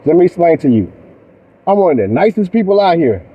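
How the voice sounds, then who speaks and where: Man, police officer, high voice, very lively pitch, firm and lecturing. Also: a little fast, breathy edge, lo-fi sound. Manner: firm, lecturing, repeats himself. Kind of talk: bodycam exchange.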